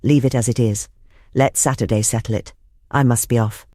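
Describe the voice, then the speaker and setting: A man reading an audiobook, voicing a huge, genial but commanding male anarchist chief who talks briskly with grand amusement. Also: medium pitch, steady tone, dark tone, dry recording, studio quality, natural voice. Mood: breezy.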